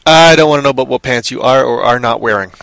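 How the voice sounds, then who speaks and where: A man's voice: mid-range voice, fast, gravelly, fairly bright tone, clear, resonant tone, dry recording. A man co-hosting a casual online chat show, rambling playfully and trailing off into mumbles. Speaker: podcast co-host.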